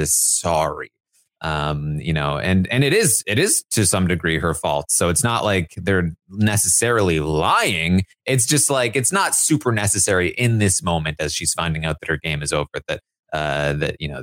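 A man co-hosting a casual chat, recapping events haltingly with many fillers. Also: sits low, expressive, a bit bright, no echo, studio quality. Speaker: podcast co-host.

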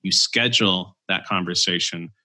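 A man's voice: low-pitched, moderate pace, sharp tone. A man, an entrepreneur guesting on a podcast, explaining ideas step by step in a casual interview with frequent "uh" fillers. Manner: explains ideas in structured steps, filler-heavy. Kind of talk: conversational interview.

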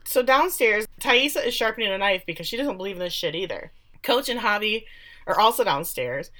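A woman's voice: mid-range voice, expressive, fairly quick, sharp tone. Woman, casual TV recap, chatty, swears freely, mimics characters when quoting.

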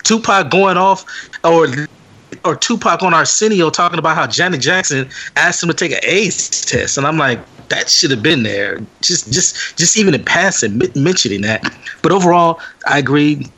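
A man's voice: fairly high pitch, moderate pace. A young man hosting a podcast, telling a story in casual chat, acting out what people said and laughing often. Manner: animated storyteller, acts out quotes, laughs often. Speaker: podcast host.

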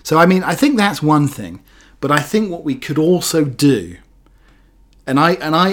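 A man hosting a comic news podcast, rambling cheekily and pausing often with fillers. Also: medium pitch. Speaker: podcast host.

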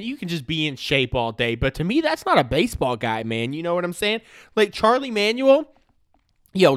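Slangy, fired-up young sports ranter. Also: male voice, on the high side, no room sound, studio quality. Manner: animated, jokey, slangy with lots of "man" and "dude". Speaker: sports talk host. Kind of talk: casual sports rant. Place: at home in front of his computer.

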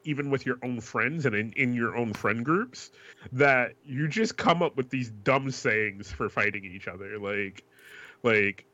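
A man's voice: mid-range voice, sharp tone, no room sound. A man from New York co-hosting a podcast, musing in an emphatic, rambling way with plenty of swearing. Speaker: podcast co-host. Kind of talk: casual chat. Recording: dull lo-fi mic.

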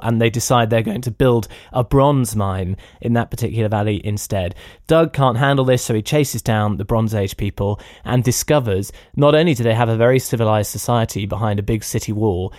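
A man's voice: mid-range voice, darkish tone, dry recording. Chatty male film-review podcaster, dry sound. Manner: chatty and enthusiastic, addresses listeners directly. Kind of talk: casual spoken film review.

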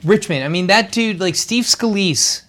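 A man from Louisiana, a radio show host in casual political chat, animated and often restarting his sentences. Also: high-pitched, moderate pace, background noise.

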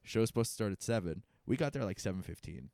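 Man, comedian, podcast co-host, casual profane storytelling, lively swinging pitch, dry close sound. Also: fast talker, creaky, no room sound.

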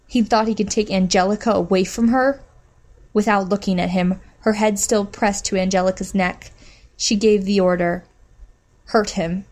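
A woman narrates a story aloud at a steady, measured pace. Her voice sits at an ordinary middle pitch for a woman. She reads the action plainly and evenly. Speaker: audiobook narrator. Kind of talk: scripted narration.

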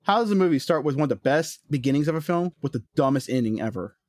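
A man's voice: fairly high pitch, animated, fast talker, a little mellow, no room sound. Joking man chatting about a bad movie. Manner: jokey, bursts into silly put-on voices. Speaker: podcast co-host. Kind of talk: casual movie review chat.

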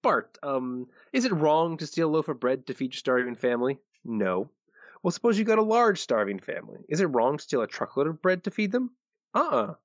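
A man's voice: fairly high pitch, sing-song, a little fast, no room sound, dull audio, pitched above the performer's own voice. A man reading out quotes in a put-on voice of a male mob boss. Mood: mock gangster.

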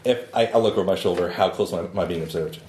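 A player at a tabletop game, musing through their moves in low-key asides. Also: rapid-fire, darkish tone, reverberant, slight background noise.

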